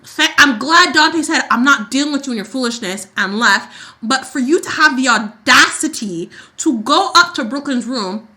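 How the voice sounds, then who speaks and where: Bright-voiced woman ranting about soaps. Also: high voice, normal speed. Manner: animated ranting with acted-out quotes. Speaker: podcast co-host. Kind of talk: casual soap opera recap chat.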